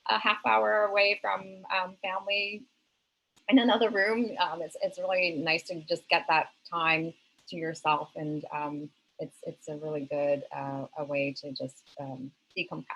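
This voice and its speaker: Slightly low-voiced woman, halting panelist. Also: little pitch movement, a bit bright, rough recording. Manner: hesitant, many ums, conversational. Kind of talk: webinar panel discussion.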